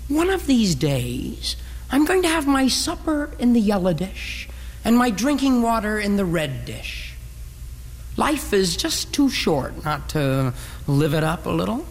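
A woman's voice: medium pitch, sing-song, measured pace, big-room sound. A woman playing a dramatic pet dog who hates cats, in a theatrical, brooding stage-musical style. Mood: musing.

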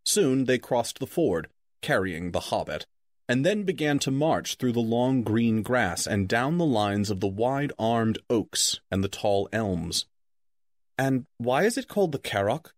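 A man narrating a children's fantasy novel in an expressive storytelling manner. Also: medium pitch, unhurried, dry recording. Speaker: audiobook narrator.

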